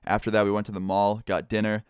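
Young male vlogger, casual storyteller, smooth clear voice, dry close sound, lowish pitch. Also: quick pace, no echo. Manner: relaxed, chatty, lots of "like".

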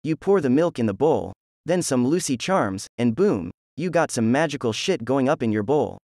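A man's voice: medium pitch, very animated, moderate pace, a little mellow, no echo. A rude, lazy young ninja who throws out crude, mocking insults, as a man reads him in a fan story. The voice sits close and dry, with no room around it.

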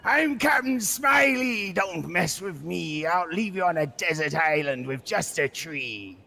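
A man's voice: sits high, lively intonation, a little slow, pushed and bright, in a large hall, full character voice. A man voicing a boastful old pirate captain who loves gold, rapping threats in rhyme during a game role-play. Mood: boastful menace. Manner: gravelly rhyming pirate rap.

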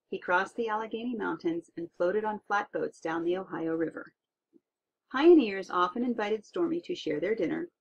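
A woman reading a tall tale aloud in an expressive storytelling manner. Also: medium pitch, vocal fry, husky. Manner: lively expressive read-aloud. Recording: dull lo-fi recording.

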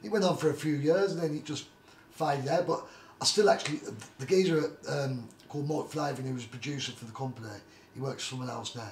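Roomy echo and faint background noise surround this mid-range-voiced, fast-talking guest, a middle-aged man who used to box as a journeyman. He wanders through his stories in a casual interview, often saying "like I say" and "do you know what I mean."

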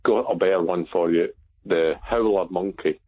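Quiet, deep-voiced male caller. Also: steady tone, moderate pace, narrow, tinny audio. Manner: quiet, hesitant. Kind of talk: phone-in call.

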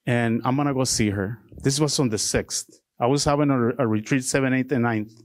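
A man's voice: medium pitch, a little fast, no echo. A middle-aged man from Mexico, giving an earnest, heartfelt sermon as a deacon. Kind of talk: testimony sermon.

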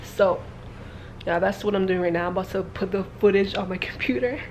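A woman's voice: medium pitch, a little fast. Chatty woman vlogging over background noise. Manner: chatty, laughing, loud and lively when out with friends. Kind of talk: casual vlog chat.

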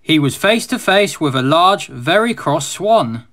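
A man reading a children's storybook aloud as narrator, in a steady, expressive manner. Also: on the high side, unhurried.

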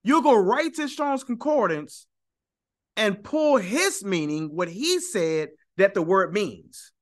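A man's voice: high voice, lively intonation, measured pace. A man giving an emphatic, argumentative teaching monologue on his channel, often repeating points for stress. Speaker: YouTube teacher.

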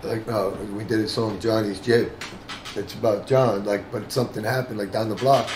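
A man's voice: on the low side, steady tone. Rambling New man in an echoey room. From the Bronx. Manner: rambling, halting, many fillers and restarts. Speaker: bassist and singer. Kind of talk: casual oral-history interview. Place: room with other band members. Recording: roomy echo with clear background noise.

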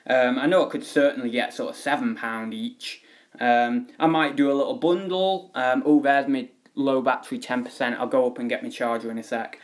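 A man's voice: mid-range voice, fairly even intonation, moderate pace. A young man chatting casually on a home live stream, rambling with many fillers.

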